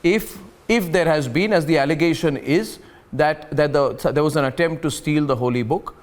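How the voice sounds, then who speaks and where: A man's voice: on the high side, moderate pace. A man with an Indian accent anchoring a televised studio debate, talking insistently and hammering points through repeated phrases.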